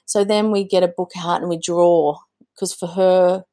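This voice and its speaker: A woman's voice: on the low side, fairly even intonation, measured pace, mellow. Woman, earnest podcast guest, frequent restarts, conversational. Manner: earnest, many restarts and fillers. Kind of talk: conversational interview.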